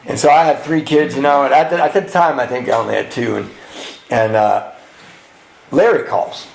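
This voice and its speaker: Raspy-edged man telling his recovery story in an echoey hall, lively and animated with acted-out voices. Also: mid-range voice, normal speed. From California. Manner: storytelling, acts out dialogue, swings from hushed to loud. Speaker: retreat speaker sharing recovery story. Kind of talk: twelve-step share to a live audience. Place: retreat hall with audience. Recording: roomy hall with faint ambience.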